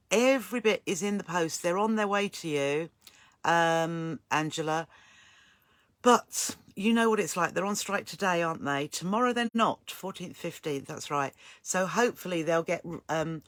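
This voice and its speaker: A woman's voice: on the low side, no echo. Chatty older woman, dry sound. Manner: chatty, rambling, greets viewers by name. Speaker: sewing channel host. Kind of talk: casual live-stream chat.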